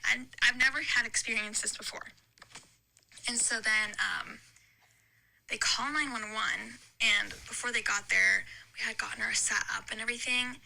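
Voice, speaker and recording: A woman's voice: fairly high pitch, creaky, bright, forceful tone, poor audio. A young woman telling a long, rambling story in casual chat, with lots of "like" and restarts. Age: young adult. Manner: chatty, rambling story with many likes. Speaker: podcast guest.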